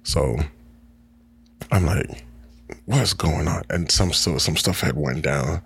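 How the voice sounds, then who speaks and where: A man's voice: very deep voice, takes it slowly, creaky, breathy edge. A young man in his twenties co-hosting a casual chat, telling a story with lots of repeats and laughs. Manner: animated storyteller, repeats words, laughs often. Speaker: podcast co-host.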